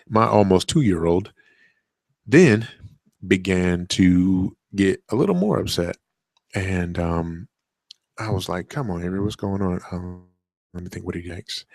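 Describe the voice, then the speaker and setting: A man's voice: sits low, a little mellow, dry recording. A man, hosting a solo show and telling a rambling story about his toddler son, with lots of fillers and restarts. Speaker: podcast host. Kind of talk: casual solo monologue.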